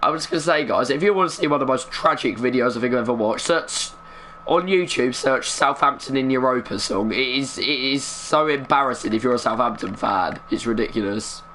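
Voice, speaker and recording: A man's voice: mid-range voice, brisk, a little hiss or hum. Young man muttering game commentary. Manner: chatty, muttering, bursts of excitement at big moments. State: keeping his voice down. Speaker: gaming streamer. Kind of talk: live gameplay commentary.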